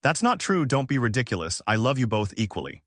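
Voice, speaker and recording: A man's voice: medium pitch, very animated, brisk, dry recording. Male reader as a firm middle-aged mother, dry close sound. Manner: firm and placating. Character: stern, even-handed middle-aged mother.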